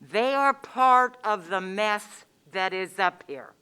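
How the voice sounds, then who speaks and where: A woman speaks at a county meeting's public comment, angry and emphatic, hammering her points by repeating them. Her voice is clear and smooth, and she talks slowly. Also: mid-range voice, expressive, pushed and bright.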